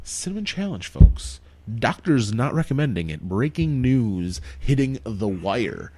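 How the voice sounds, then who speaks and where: A man's voice: mid-range voice, big pitch swings, measured pace, mellow, breathy edge. A man hosting a casual podcast chat, laughing often and swearing freely. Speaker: podcast host.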